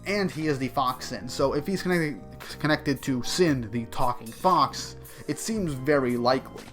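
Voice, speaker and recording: Excitable man recapping a manga chapter. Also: mid-range voice, moderate pace, faint music behind. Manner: excitable, speculative, frequent restarts and laughs. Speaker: manga reviewer. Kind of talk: casual chapter recap and commentary.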